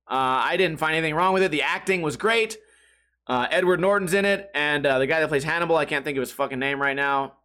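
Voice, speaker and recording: A man's voice: fairly high pitch, fast, sharp tone. A man hosting his podcast, rambling casually and joking with a profane streak. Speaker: podcast host. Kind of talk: casual chat.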